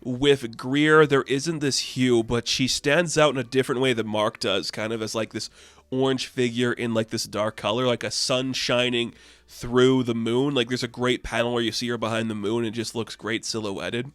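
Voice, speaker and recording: A man casually recapping a comic issue in a rambling, excitable way, filling his talk with "like". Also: mid-range voice, normal speed, dry recording. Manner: rambling, heavy use of "like", excitable. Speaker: comic book reviewer.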